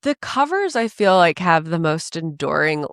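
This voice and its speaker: In a casual podcast chat, this co-host speaks at normal speed in a deep voice, bringing her stories to life by performing the people in them. The studio sound is clean with no room sound.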